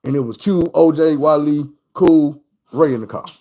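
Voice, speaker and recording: A man's voice: a little high, moderate pace, low-quality recording. A man casually telling a story in loose, profane street talk, acting out the people in it. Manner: animated, acts out the people in his story. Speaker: streamer.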